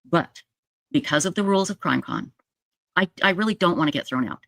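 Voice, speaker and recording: A woman telling viewers a true crime story in a casual, animated way, jumping up in pitch for emphasis and checking in with "okay?". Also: brisk, gravelly, dry recording. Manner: addresses viewers directly with frequent "okay?". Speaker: true crime video commentator.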